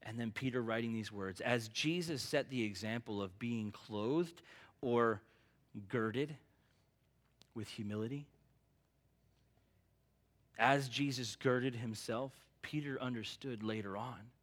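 A man's voice: mid-range voice, slow pace, long pauses. A male pastor preaching a sermon in an earnest, emphatic, conversational way.

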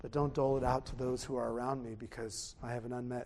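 A man preaching a sermon, animated, swinging from loud exclamations to hushed tones. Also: mid-range voice, fast, slight background noise.

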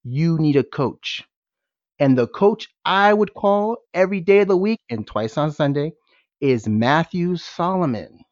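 A man hosting a podcast with high energy, firing rhetorical questions at his listeners. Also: expressive, normal speed, no echo. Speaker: podcast host. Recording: dull, dry lo-fi sound.

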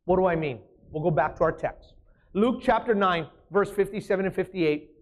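A man's voice: high-pitched, normal speed. A man as pastor preaching a sermon, emphatic, often asking the congregation questions.

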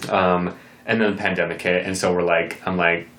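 A young man telling a story in a casual podcast chat, animated and acting out what people said. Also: sits low, moderate pace. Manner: animated, acts out quoted lines. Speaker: podcast guest. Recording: roomy echo.

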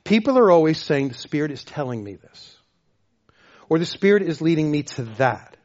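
A man's voice: fairly high pitch, expressive, normal speed. Emphatic male preacher, dull recording. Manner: emphatic, repeats phrases, varies loudness widely. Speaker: pastor. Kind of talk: sermon.

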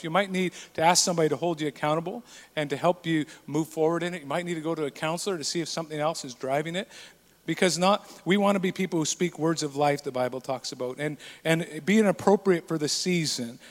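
A man in his forties, a pastor preaching a sermon with earnest emphasis. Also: high-pitched. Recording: long hall reverb.

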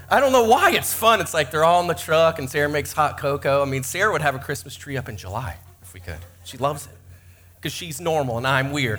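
A man's voice: fairly high pitch, fairly bright tone. A man in his forties, a pastor giving a sermon in church, telling self-mocking, joking stories.

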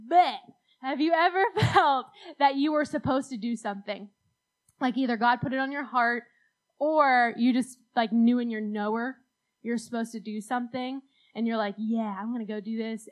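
At a church youth talk, a young woman with a higher-pitched voice tells a rambling, self-deprecating story and laughs often. The audio quality is poor.

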